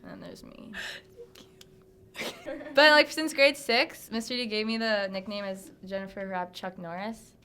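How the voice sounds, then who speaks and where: A woman's voice: medium pitch, steady tone, measured pace, long pauses, pushed and bright. A teenage girl in a school farewell interview, giggly and teasing. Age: teens. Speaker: student interviewee. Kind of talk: casual chat.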